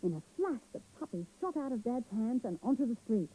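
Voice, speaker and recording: A woman reads a story to young children in a gentle, expressive way. Her voice is dark and husky, and her tone swoops up and down with lively energy. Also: on the high side, a little fast, poor audio. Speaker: children's TV presenter.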